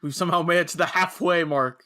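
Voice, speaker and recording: Man, podcast co-host, bright edgy voice, slightly high, dry measured recaps. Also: fairly even intonation. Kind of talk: casual anime review chat.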